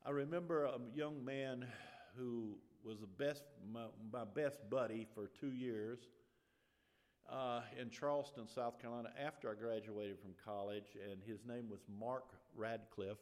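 A middle-aged man preaching a sermon in a church, his voice climbing and growing loud on key points, with many restarts and fillers. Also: mid-range voice, unhurried. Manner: animated, rising loud on emphasis, restarts and fillers.

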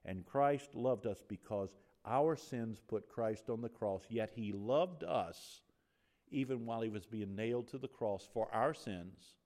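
A middle-aged man preaching a sermon in a church, his voice climbing and growing loud on key points, with many restarts and fillers. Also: on the low side, unhurried. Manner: animated, rising loud on emphasis, restarts and fillers.

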